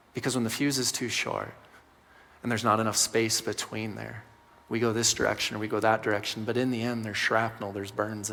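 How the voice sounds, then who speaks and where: A man's voice: lowish voice, gravelly, fairly bright tone, big-room sound. A man giving a conversational sermon as pastor, speaking directly to the room.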